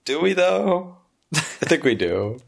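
A man co-hosting a podcast with excitable, slangy banter. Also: fairly high pitch, takes it slowly, gravelly. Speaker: podcast co-host. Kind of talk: casual podcast chat.

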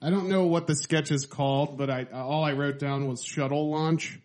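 A man co-hosting a podcast in casual chat, relaxed and swearing casually as he describes comedy scenes in detail. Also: fairly high pitch, moderate pace. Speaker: podcast co-host.

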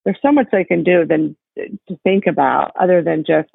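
A woman's voice: on the low side, normal speed, vocal fry, husky, no room sound. A woman guesting on a podcast over a call, chatting casually and easily. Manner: chatty, laughing. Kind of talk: casual conversation. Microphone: remote call. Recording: tinny phone line call.

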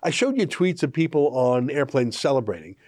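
Sarcastic, lively-voiced male commentator. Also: mid-range voice, brisk, dry recording, clean studio sound. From Canada. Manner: sarcastic, mocking, emphatic. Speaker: commentary show host. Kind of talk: opinion commentary monologue.

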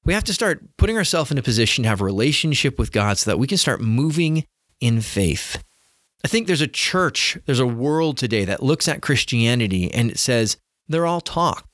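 A man's voice: mid-range voice, very animated, fairly quick, fairly bright tone, dry recording. Middle-aged guy preaching earnestly, voice going up and down a lot, dry close sound. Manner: earnest, repeats words when starting phrases. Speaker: teacher of faith. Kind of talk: sermon-style teaching talk.

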